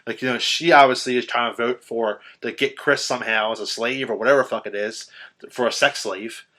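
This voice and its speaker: A man co-hosting a podcast, casually recapping a film in a profane, animated way and acting out quotes with sudden shouts. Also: medium pitch, fairly quick. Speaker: podcast co-host.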